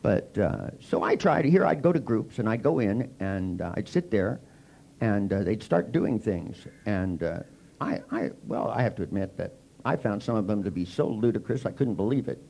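An older man with a gravelly voice, giving a comic storytelling lecture to a seminar audience and wryly acting out both sides of his dialogues. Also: lowish voice, dark tone. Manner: wry, mocking, acts out both sides of dialogues. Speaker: seminar speaker.

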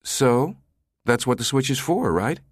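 A man's voice: medium pitch, lively intonation, measured pace, husky, dry recording, studio quality, pitched above the performer's own voice. A man voicing a nervous, exasperated male office assistant who pleads in a flustered way.

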